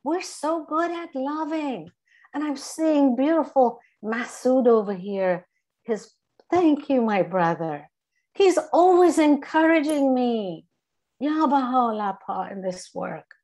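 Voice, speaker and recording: A middle-aged woman from Iran speaks with an English accent in a slightly raised pitch. She talks as a guest in an earnest, emphatic reflection and presses her main points by saying them again. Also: expressive, takes it slowly, a little mellow. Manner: emphatic, repeats key phrases.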